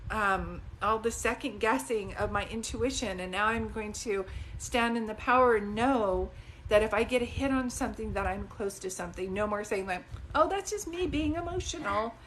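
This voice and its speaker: A woman psychic talks casually to her live-stream viewers in a chatty, digressive and animated way, into a phone. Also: mid-range voice, moderate pace, a little hiss or hum. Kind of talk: casual livestream talk to viewers.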